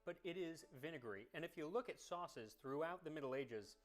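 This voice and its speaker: A man's voice: on the high side, lively intonation, brisk, faint music behind. A man hosting a cooking history show, chatting and thinking aloud as he tastes a dish and explains its history. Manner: curious, enthusiastic about history. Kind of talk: tasting commentary to camera.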